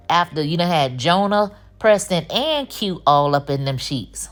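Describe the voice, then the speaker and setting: Woman, low pitched, casual slangy TV recap, lively commentary. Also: a little slow, hardly any pauses, faint music behind. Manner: animated, slangy, chatty commentary. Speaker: TV recap host.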